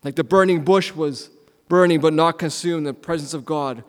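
A man preaching a sermon as a pastor, asking rhetorical questions and repeating lines, swinging from loud emphasis to hushed near-whispers. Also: on the high side, moderate pace. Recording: long hall reverb.

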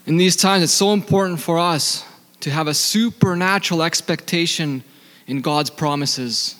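In a long-reverberating hall, a man with a non-native accent delivers a sermon in a fairly high voice for a man, with a fairly bright tone. Again and again he puts questions to the congregation and answers them, and he takes the scripture readings slowly.

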